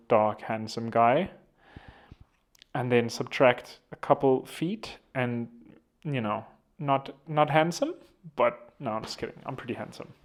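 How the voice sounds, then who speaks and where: A young man with a South African accent talking casually at a middle pitch. He rambles from point to point and keeps making self-deprecating jokes. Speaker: vlogger. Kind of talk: casual political commentary.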